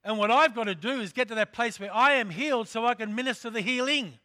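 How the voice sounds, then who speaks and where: A man's voice: very high-pitched, quick pace, sharp tone. A man preaching a sermon as pastor, emphatic, repeating phrases and calling out to the congregation.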